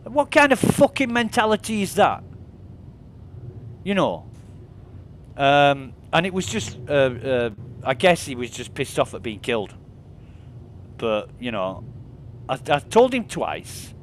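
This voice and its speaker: A man's voice: on the high side, very animated, takes it slowly, pauses often, slight background noise. A man streaming a game, venting in a casual, exasperated way and swearing as he retells an argument. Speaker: livestreamer. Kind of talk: casual gaming livestream rant.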